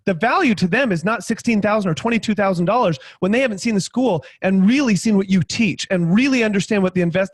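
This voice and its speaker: A man on a video panel telling a lively story, acting out both sides of a conversation with many quick restarts. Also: high voice, breathy edge, dry recording, studio quality. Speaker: guest panelist, sales trainer.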